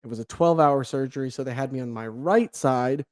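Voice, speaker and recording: A young adult man, a podcast guest, telling a story with lively quoted dialogue, casual swearing and laughter. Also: medium pitch, brisk.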